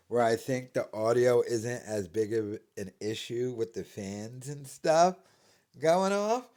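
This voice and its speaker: A man's voice: medium pitch, darkish tone. A man doing mocking reaction commentary, laughing and talking sarcastically to his viewers.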